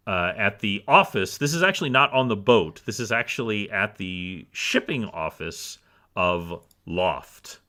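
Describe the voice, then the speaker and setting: A man narrating a tabletop role-playing game as game master, telling the scene with casual fillers. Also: lowish voice. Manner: slow, lively storyteller with fillers.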